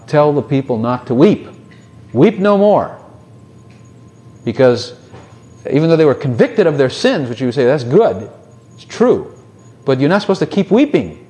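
A man's voice: on the high side, darkish tone. A man preaching a sermon in a conversational way, with many rhetorical questions and short mocking voices.

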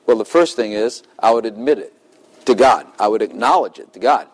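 A middle-aged man preaching in a relaxed, chatty way. He laughs often and slips into short acted-out exchanges with God, and his pitch sits in an ordinary middle range for a man. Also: a little fast, poor audio. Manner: conversational, laughs often, acts out dialogues with God. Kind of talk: sermon.

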